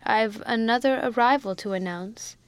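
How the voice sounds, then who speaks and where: A woman voicing a shy, tender middle-aged army major who speaks haltingly in an audiobook. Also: a little high, clear, resonant tone, close to an everyday voice.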